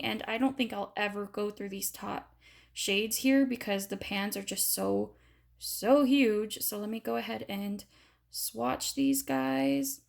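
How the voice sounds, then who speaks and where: Chatty woman with a gravelly voice. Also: a little high, a little mellow. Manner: chatty, enthusiastic, upbeat. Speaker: beauty vlogger. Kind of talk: casual product review.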